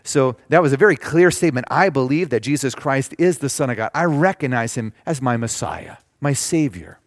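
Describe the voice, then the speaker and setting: Male pastor, mid pitch, preaches with deliberate scripture reading; dry, close sound. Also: expressive, no room sound. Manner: reads scripture slowly and emphatically, explains plainly. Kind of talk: sermon.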